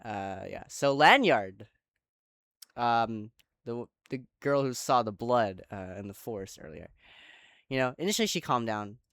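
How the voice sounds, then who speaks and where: A chatty host rambles through a casual story retelling, often stopping to correct themselves and talk to viewers. The voice is smooth and clear and the pitch is very lively. The sound is close and dry. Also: a little slow, no echo. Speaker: channel host. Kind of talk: casual retelling of an online roleplay.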